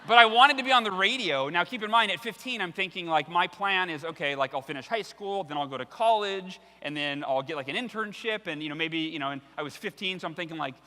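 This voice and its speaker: Bright-voiced man giving a keynote in a hall. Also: high-pitched, fast, hardly any pauses. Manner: animated, acts out voices in his anecdotes. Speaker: keynote speaker. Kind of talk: storytelling keynote speech. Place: large hall with a live audience. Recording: long hall reverb from the stage.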